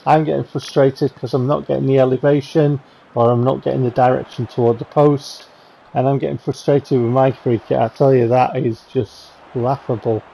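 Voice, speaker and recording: A man talks casually over game highlights in a chatty, rambling, wry way. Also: flat delivery, moderate pace, gravelly, dark tone, a little hiss or hum, rough recording. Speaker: gaming channel host.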